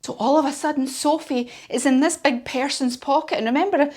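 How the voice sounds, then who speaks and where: A woman's voice: high-pitched, fairly even intonation, brisk, a little mellow. Lady doing kids yoga storytime, playful and encouraging, sing-song. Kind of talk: storytelling yoga lesson for children.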